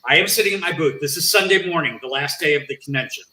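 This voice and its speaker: A man who is a guest on an interview podcast, telling a story with animated, acted-out dialogue. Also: fairly high pitch, fast, echoey room, slight background noise, poor audio. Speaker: interview guest, nonprofit founder.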